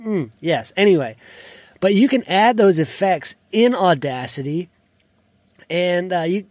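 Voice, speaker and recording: Podcast guy showing his apps, kinda high voice, trails off at the end of sentences, dry close mic. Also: expressive, measured pace, a little mellow, no echo. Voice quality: not a deep voice. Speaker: podcast host. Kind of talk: casual screen-share tutorial. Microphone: desk microphone.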